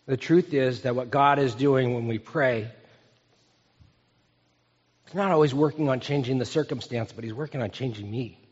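A pastor in his fifties preaches an earnest, conversational sermon, frequently asking the congregation questions. His husky voice is medium in pitch and moderate in pace, with long pauses. It's recorded in an echoey hall with dull sound.

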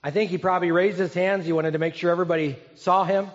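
A man preaching a sermon as a pastor, talking in a relaxed, storytelling way with pauses and restarts. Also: high voice. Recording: dull, echoey hall recording.

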